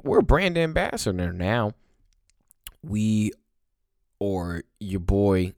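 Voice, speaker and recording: A man's voice: sits low, no echo, studio quality. A young man rambling in a casual, crude and sarcastic monologue to his viewers, mocking himself. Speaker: vlogger.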